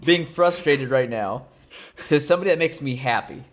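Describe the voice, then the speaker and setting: A man's voice: medium pitch, expressive, normal speed. A young man co-hosting a fight podcast, talking in a loose, sleepy, laid-back way and swearing freely. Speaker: podcast co-host. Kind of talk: casual chat.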